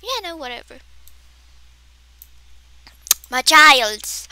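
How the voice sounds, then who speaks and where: High, bright, excitable woman. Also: slow, no echo. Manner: excitable and dramatic, gasping, with playful exaggeration. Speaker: gameplay streamer. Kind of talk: casual gameplay commentary.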